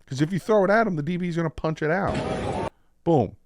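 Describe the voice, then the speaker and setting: A man with a New Jersey accent casually breaking down football practice clips as a channel host, explaining plays with excitement. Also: on the high side, fairly quick, background noise. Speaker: sports commentator.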